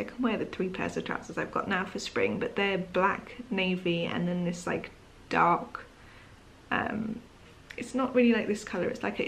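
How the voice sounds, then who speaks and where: A vlogger winds down at home in the evening, talking casually and sleepily to her camera, yawning, apologizing, and filling her rambling with "um" and "like." Her medium-pitched voice is creaky, with a little hiss or hum.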